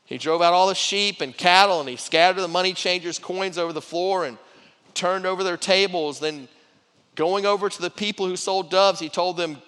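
The voice is a middle-aged pastor's: high-pitched, clean and fairly bright, moving at a moderate pace. He preaches in a conversational style, circling back to restart phrases and repeat words. The recording has long hall reverb.

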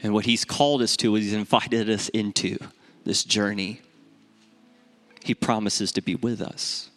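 A pastor telling a family story in a sermon, animated and conversational, his voice jumping up when he quotes himself. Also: unhurried, soft background music. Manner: animated storytelling, rising in pitch when acting out dialogue.

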